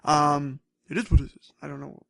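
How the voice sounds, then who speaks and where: A young man co-hosting a podcast, chatting casually and telling rambling, animated stories with frequent laughter. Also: a little high, fairly quick, vocal fry, no room sound, clean studio sound. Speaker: podcast co-host. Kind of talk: casual chat.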